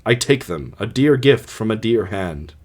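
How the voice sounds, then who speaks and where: A man voicing a grieving king in his own middle-pitched voice, reading earnestly for an amateur audiobook. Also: expressive, measured pace, a little mellow.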